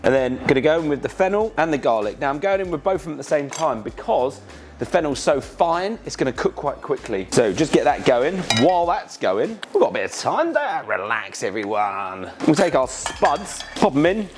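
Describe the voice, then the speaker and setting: A man's voice: medium pitch, sing-song, normal speed, slight background noise. An enthusiastic man, hosting a casual cooking demonstration in chatty, slangy talk. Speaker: cooking show host. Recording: music playing behind.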